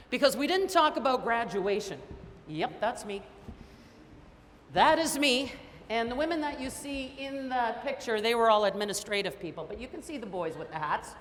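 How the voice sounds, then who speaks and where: A woman from Canada giving a high-energy motivational keynote, telling stories with lots of emphasis. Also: a bit bright. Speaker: keynote speaker. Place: large conference hall. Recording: echoey hall with faint noise.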